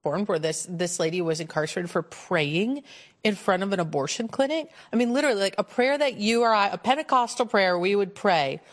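A woman's voice: medium pitch, lively intonation, fairly quick. A woman co-hosting a talk show, speaking conversationally with indignation.

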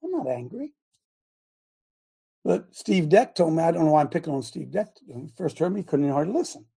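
A woman hosting a talk show, talking in an emphatic, rambling way, breaking off her own sentences and bursting into shouts. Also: low-pitched, very animated, brisk, gravelly, husky. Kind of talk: animated talk show monologue.

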